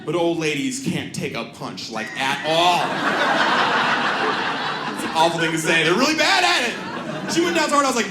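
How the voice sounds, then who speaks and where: Stand-up comic, male, high and lively voice, bursts into shouted bits, live club room echo. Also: moderate pace, long pauses, a loud crowd. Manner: animated, shouts and jumps into silly character voices. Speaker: stand-up comedian. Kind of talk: stand-up comedy set. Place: comedy club stage. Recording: echoey live club recording with noise.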